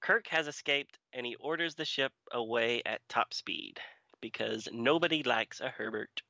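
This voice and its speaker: A man's voice: mid-range voice, moderate pace, sharp tone, no room sound. A man co-hosting a podcast, chatting casually with dry, teasing humor. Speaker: podcast co-host. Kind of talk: casual chat. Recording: slightly dull lo-fi sound.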